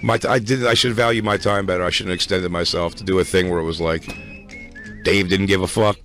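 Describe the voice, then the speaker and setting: A man's voice: low voice, fairly even intonation, fast, fairly bright tone, soft background music. A man hosting a podcast, rambling through a story with frequent restarts and plenty of swearing. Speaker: podcast host. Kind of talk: casual chat.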